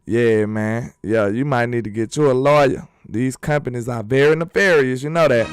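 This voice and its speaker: A man's voice: mid-range voice, normal speed. A man hosting a sports channel in a casual live-stream chat, talking loosely and reading viewers' comments aloud.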